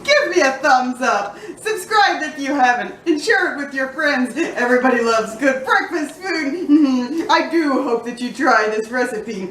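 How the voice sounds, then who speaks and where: A woman hosting a home cooking vlog, talking casually, tasting food with drawn-out murmurs and cheeky, profane asides. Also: high-pitched, expressive, a bit bright. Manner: playful, cheeky and profane, savoring food aloud. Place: home kitchen. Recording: echoey room, mic at a distance, faint noise.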